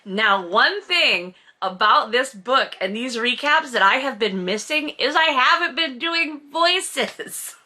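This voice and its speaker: A woman's voice: high voice, lively intonation, slow, few pauses. Sarcastic, exasperated woman recapping a book. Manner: sarcastic, exasperated, swears often; bursts into loud indignant outbursts.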